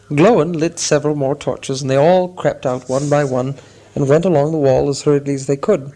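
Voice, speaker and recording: A man narrating a storybook in a measured, expressive reading style. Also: fairly high pitch. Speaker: audiobook narrator.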